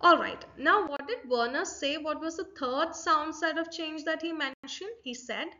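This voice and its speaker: A woman's voice: high-pitched, moderate pace, sharp tone. A woman with an Indian English accent giving a university lecture, explaining step by step and asking rhetorical questions. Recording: dull lo-fi recording.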